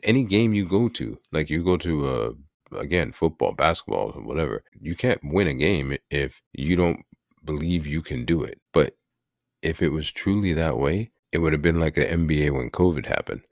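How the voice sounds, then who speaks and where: A man with an extremely low, deep voice hosts his own podcast, speaking. He rambles through his opinions with an irritated edge, often restarting sentences. The sound is dry and close, with no room echo. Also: lively intonation, moderate pace, vocal fry. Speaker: podcast host. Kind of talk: casual opinion monologue.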